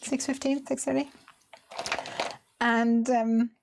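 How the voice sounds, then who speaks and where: A woman's voice: fairly high pitch, level tone, slow pace, vocal fry, noisy background. A woman hosting a card making live stream, chatting and telling stories with frequent laughs. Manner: chatty storytelling, laughs often. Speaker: craft live stream host. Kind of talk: casual chat while card making.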